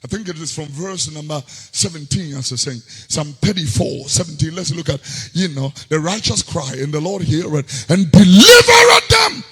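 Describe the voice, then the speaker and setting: Ghanaian preacher with sudden shouts. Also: male voice, fairly high pitch, very animated, moderate pace, breathy edge, in a large hall. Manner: swings between quiet reading and sudden shouts, sing-song delivery. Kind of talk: sermon.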